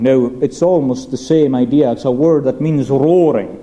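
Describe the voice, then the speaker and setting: A male preacher giving an earnest expository sermon, asking rhetorical questions and reading scripture aloud slowly. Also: medium pitch, warm tone.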